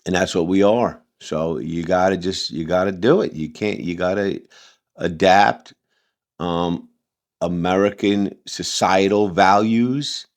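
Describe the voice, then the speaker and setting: A man with a low voice talks through a reaction commentary in a loose, heated ramble. He restarts sentences often and leans on fillers as he argues. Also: measured pace. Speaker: commentary channel host.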